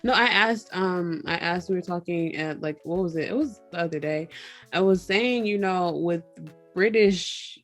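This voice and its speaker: American woman hosting a chill group chat, lowish voice, bit of music under it. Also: moderate pace. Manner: chatty, laughing, teasing. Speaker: host.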